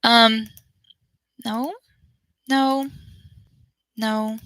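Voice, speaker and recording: A woman's voice: on the high side, steady tone, very slow, a bit bright, no echo, poor audio. A woman who teaches online, chatting casually with viewers and often laughing or trailing off as she hunts around her screen. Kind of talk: casual livestream chat with viewers.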